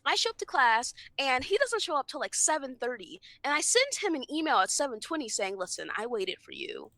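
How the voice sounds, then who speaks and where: A woman co-hosting a casual chat podcast who rants in an exasperated, profane way. Her voice is bright and swings widely in pitch. The sound is dry and close. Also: big pitch swings, brisk, no echo. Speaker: podcast co-host.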